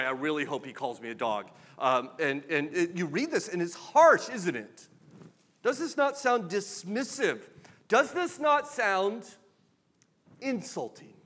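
Male pastor, slightly high voice, conversational sermon, wry and emphatic. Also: fairly bright tone.

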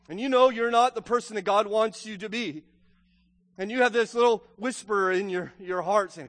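A man's voice: on the high side, a bit bright. A man preaching a sermon as pastor, earnest, repeating words and building to emphatic questions. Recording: long hall reverb.

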